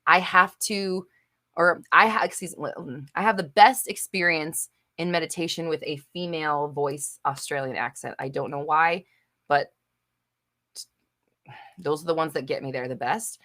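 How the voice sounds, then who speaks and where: Hosting a live manifestation Q&A, a young adult woman reads comments from viewers and answers them bluntly and emphatically, with casual cursing and lots of fillers. She speaks at a moderate pace in a low-pitched, slightly bright voice.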